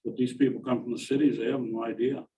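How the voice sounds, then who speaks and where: A man's voice: mid-range voice, little pitch movement, quick pace, warm tone, far from the mic, slight background noise, low-quality recording. A man on a committee giving his blunt opinion in a meeting discussion.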